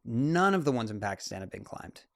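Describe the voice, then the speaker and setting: Animated man telling climbing stories. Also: mid-range voice, vocal fry, no echo, clean studio sound. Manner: animated, laughing, quick asides. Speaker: guest, mountain climber and photographer. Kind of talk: casual interview storytelling.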